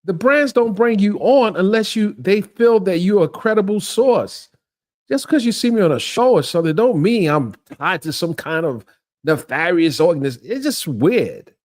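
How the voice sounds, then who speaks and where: A middle-aged man hosting a livestream, ranting in a mocking, animated way with frequent laughter and repeated phrases. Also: high voice, normal speed. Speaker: livestream host. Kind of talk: casual livestream rant.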